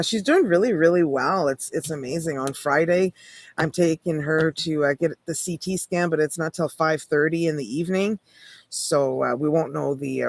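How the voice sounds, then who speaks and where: A Canadian woman hosting a casual tarot livestream, chatting in a rambling, easygoing way with lots of "like" and light laughs. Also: low voice.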